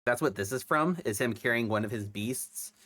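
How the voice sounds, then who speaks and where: A man's voice: mid-range voice, moderate pace, sharp tone. A young man who is sick with a cough, chatting casually on his stream, rambling with lots of fillers and restarts. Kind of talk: casual chat.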